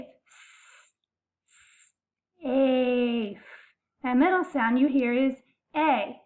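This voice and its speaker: A woman teaching a phonics lesson, saying each sound slowly and stretching it out for young learners. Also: high-pitched. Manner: slow, deliberate, stretching out sounds. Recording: phone-like narrow sound.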